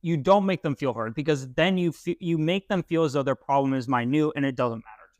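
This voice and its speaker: A man's voice: on the high side, fairly quick, darkish tone, dry recording. A young man co-hosting a podcast, explaining ideas emphatically in casual chat, with casual swearing. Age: young adult. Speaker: podcast co-host.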